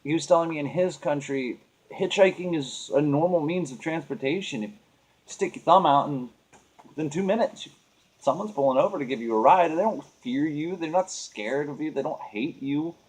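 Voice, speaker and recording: A man's voice: a little high, normal speed, breathy edge. A man venting in a casual monologue, rambling and earnest, often restarting his sentences. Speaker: vlogger.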